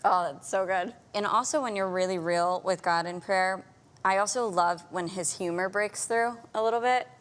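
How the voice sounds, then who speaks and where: A woman hosting an interview, who reflects on her own experience and warmly affirms her guest. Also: medium pitch, moderate pace. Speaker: host. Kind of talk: conversational interview.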